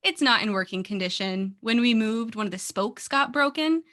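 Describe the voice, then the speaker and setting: An upbeat woman co-hosts a casual podcast and chats with an easy laugh. Her voice is bright and forceful and sits a little higher than most. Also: animated, normal speed. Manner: upbeat, chatty, laughs easily. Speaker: podcast producer and co-host.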